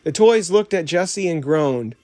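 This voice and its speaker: A man narrating a children's storybook audiobook in a measured, plain reading. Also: a little high, animated, a little mellow, no room sound. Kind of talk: storybook read-aloud narration.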